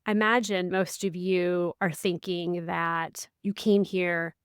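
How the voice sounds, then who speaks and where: A woman co-hosting a casual podcast, a life coach who tells stories with lively, acted-out quotes. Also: slow pace, smooth, no room sound, clean studio sound. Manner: animated storyteller, acts out quotes with big pitch swings.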